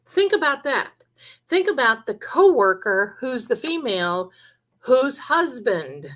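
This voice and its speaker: Her voice is a little high and fairly bright, swinging widely in pitch at a measured pace. She's a woman of Italian heritage hosting a live psychic stream, telling stories in a chatty, emphatic way and drifting into quoted voices.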